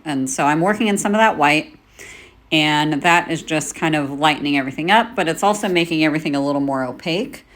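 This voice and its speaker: A woman in her forties, a makeup artist, giving a relaxed step-by-step tutorial while she works, with the odd "um". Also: deep voice, gravelly. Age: 40s. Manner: relaxed, talks while working, with "um" fillers. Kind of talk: casual tutorial demonstration.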